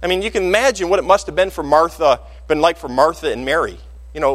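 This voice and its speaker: A man's voice: fairly high pitch, lively intonation, fast, big-room sound. A man preaching a sermon as pastor, telling the story with animation and acting out the quoted voices. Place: church sanctuary.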